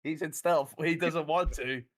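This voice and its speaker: A man's voice: a little high, fairly even intonation, measured pace. A man chatting casually as a player in a tabletop game, joking and laughing often.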